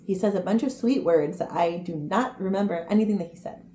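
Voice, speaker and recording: Chatty young woman in echoey room. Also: medium pitch. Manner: chatty, animated, quick asides. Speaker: vlogger. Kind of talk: casual storytelling to camera. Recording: echoey room, faint noise.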